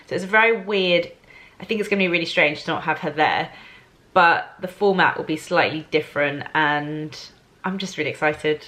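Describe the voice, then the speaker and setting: A woman's voice: low-pitched, fairly quick, fairly bright tone, low-quality recording. Chatty young woman vlogging to camera. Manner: chatty, bubbly, lots of fillers. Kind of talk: casual vlog chat. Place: at home, then out in town.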